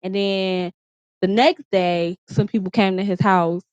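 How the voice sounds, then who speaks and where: A woman's voice: medium pitch, fairly even intonation, a little slow, a little mellow, smooth. A woman recounting a personal story straight to camera in her bedroom. She talks casually and bluntly, swears freely, and keeps restarting her sentences. The sound is dry, with no room echo, and a little dull and lo-fi. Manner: candid, profane, lots of "like" and restarts. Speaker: vlogger.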